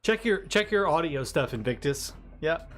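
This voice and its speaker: A man's voice: fairly high pitch, animated, normal speed, a bit bright, faint music behind. A man from the United States with a drawl, chatting casually with viewers on a live stream, rambling and laughing as he goes. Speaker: livestreamer.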